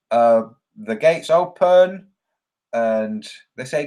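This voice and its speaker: A man with a darkish tone and lively intonation speaks slowly while hosting a casual livestream. He rambles, jokes, and reads viewer comments aloud, acting out quoted voices with big pitch jumps.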